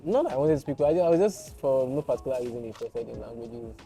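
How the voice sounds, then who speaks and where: A man's voice: medium pitch, animated, fast, gravelly, dark tone. Young Nigerian guy, Nigerian accent, playful and self-mocking, casual interview, music bed. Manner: laughing, playful, self-deprecating. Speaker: guest content creator and voiceover artist.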